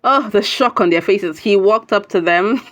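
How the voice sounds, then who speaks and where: A woman recording a casual spoken recap at home, chatty and animated, often breaking off with laughs and asides. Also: mid-range voice, measured pace, faint music behind. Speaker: video commentator.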